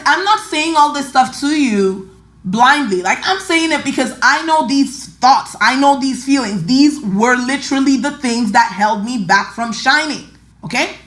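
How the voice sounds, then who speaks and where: A woman with a slight Nigerian accent speaks in a high, bright register, talking straight to her listeners in a casual motivational style. She stresses points by repeating words and keeps a chatty, emphatic flow. Her voice carries a noticeable echo, as if recorded in a bare room. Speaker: podcast host and finance coach.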